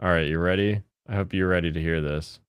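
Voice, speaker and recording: An American man chatting casually with his live-stream audience, joking and breaking into high mocking voices. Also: fairly even intonation, brisk, slight background noise. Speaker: streamer reacting to chat.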